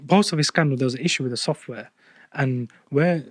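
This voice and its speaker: A man's voice: medium pitch, fairly quick, dry recording. A man in a casual podcast chat, explaining things plainly and earnestly.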